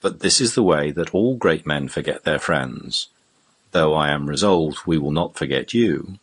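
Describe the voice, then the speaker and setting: A man voicing a sly, brash male rogue in an audiobook reading, speaking with a husky voice. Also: very deep voice, expressive, normal speed, heavily acted.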